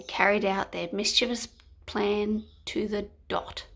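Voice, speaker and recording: A woman's voice: medium pitch, a little slow, gravelly. A woman reading a picture book aloud to children, playful and sometimes dropping to a whisper. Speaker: storyteller.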